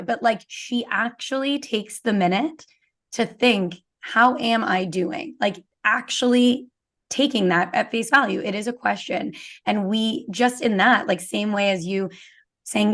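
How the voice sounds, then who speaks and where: Woman, young adult, Canadian accent, guest, casual chat, earnest, filler-heavy, gravelly, creaky. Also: mid-range voice, normal speed, a bit bright. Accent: Canadian English. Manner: earnest, filler-heavy, acts out quoted thoughts. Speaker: podcast guest, business owner.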